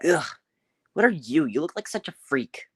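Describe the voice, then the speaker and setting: A man's voice: fairly high pitch, big pitch swings, moderate pace, fairly bright tone, breathy edge, no room sound, studio quality, pitched above the performer's own voice, full character voice. A man doing Thomas, a sulky little engine. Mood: sneering. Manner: sulky, scornful. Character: small grumpy rude male tank engine.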